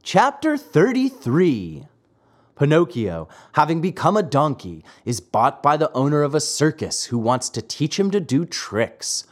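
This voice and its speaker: A man reading a classic fairy tale aloud, dramatic and expressive. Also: fairly high pitch, normal speed, hardly any pauses. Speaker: narrator. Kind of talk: storybook reading.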